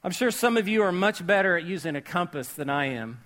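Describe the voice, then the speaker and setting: Speaking in a high, animated voice at a brisk clip, a male pastor delivers a sermon before a live church audience. He jokes around, tests the crowd with questions, and shouts out the important words.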